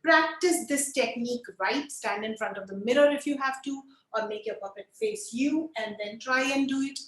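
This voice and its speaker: High-voiced woman teaching a puppetry class. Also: normal speed, roomy sound, rough recording. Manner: lively, demonstrative, coaxing the group to join in. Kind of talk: online workshop instruction.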